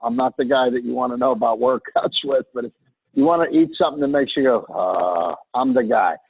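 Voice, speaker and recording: Middle-aged Pittsburgh-accented man, husky joking co-host, dry tinny phone-line sound. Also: medium pitch, steady tone, quick pace, no room sound. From Pittsburgh, USA. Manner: joking, rambling with restarts. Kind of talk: casual chat. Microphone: remote video call.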